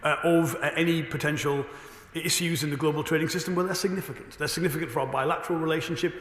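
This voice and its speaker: Fast-talking, slightly hoarse male minister. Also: fairly high pitch, steady tone, a bit bright. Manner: brisk, assured debating delivery. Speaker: government minister. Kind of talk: parliamentary debate answers. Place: debating chamber. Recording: echoey chamber with long reverb.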